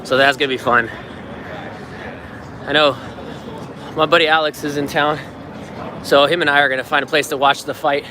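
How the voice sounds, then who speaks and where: A man's voice: on the high side, steady tone, moderate pace, pauses often, background noise. A man from the United States giving an easygoing, chatty live-stream walking tour outdoors on a city street, laughing often, filmed on a handheld phone. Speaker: vlogger and circus performer.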